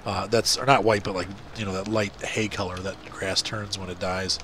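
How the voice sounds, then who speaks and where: Here a deep-voiced middle-aged man, nose stuffed, keeps up loose, self-mocking chatter over a farming game as a gaming video host. His tone stays level, his pace moderate, and the sound is a bit bright with a little hiss or hum.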